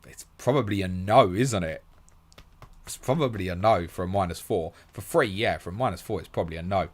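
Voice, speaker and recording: A man hosting a live stream, briskly reading listener questions aloud and answering them in a matey, casual way. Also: sits low. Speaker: podcast host.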